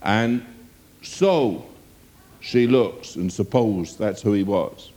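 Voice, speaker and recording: A man preaching a sermon, reading scripture aloud and putting drawn-out rhetorical questions to his listeners. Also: fairly low pitch, dark tone.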